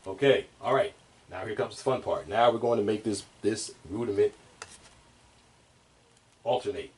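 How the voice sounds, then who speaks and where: A man's voice: on the low side, fairly quick, darkish tone. Man teaching drums from a distance. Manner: loose, rambling, many fillers and restarts. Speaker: drum teacher. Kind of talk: casual instructional talk. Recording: distant mic, drums playing.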